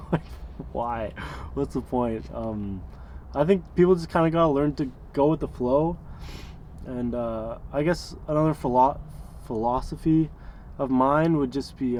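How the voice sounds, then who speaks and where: A man's voice: mid-range voice, a little mellow, slight background noise. A man in his early twenties telling stories in a casual, rambling way, full of fillers and small chuckles. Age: 20s. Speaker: interviewee, van dweller. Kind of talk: casual storytelling.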